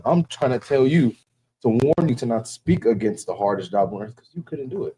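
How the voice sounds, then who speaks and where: With a dark, medium-pitched voice that is expressive and fairly quick, a man preaches during a casual talk. This religious teacher sounds emphatic, as if warning his audience, and repeatedly checks in with "you know what I'm saying".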